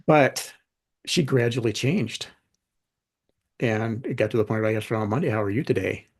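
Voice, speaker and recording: Gravelly man telling life stories. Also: fairly low pitch, normal speed. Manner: animated anecdotes, acts out quoted dialogue. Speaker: podcast guest, author. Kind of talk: conversational storytelling.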